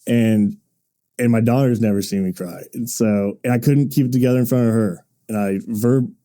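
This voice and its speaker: A man in his thirties on a podcast, telling a personal story in halting, earnest bursts with frequent restarts. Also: medium pitch, dark tone. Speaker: podcast co-host. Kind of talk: casual podcast chat.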